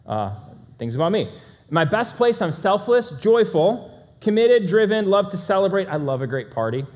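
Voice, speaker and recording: A man addressing a live audience at a quick clip, full of drive and self-deprecating jokes. His voice sits a touch higher than most men's. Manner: energetic, fast-talking, self-deprecating. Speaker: speaker.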